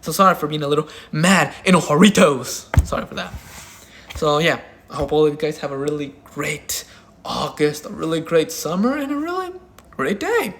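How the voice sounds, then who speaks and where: A man's voice: a little high, sing-song, normal speed, fairly bright tone, a little hiss or hum. A man ranting through his opinion commentary as a channel host, swearing often and hammering each point with emphatic repetition. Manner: profane, heated and emphatic.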